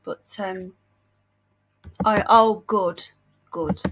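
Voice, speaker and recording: A woman's voice: mid-range voice, fairly even intonation, very slow, fairly bright tone, slight background noise. A British woman hosting a casual livestream chat, unwell and short of breath, chatty and affectionate with viewers. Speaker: livestream host.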